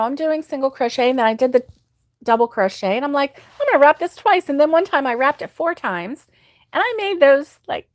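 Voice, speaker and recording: A woman's voice: high voice, no echo, studio quality. A middle-aged woman hosting a crochet livestream, chatting casually and sympathetically with viewers and laughing often. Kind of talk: casual live chat reading viewer comments.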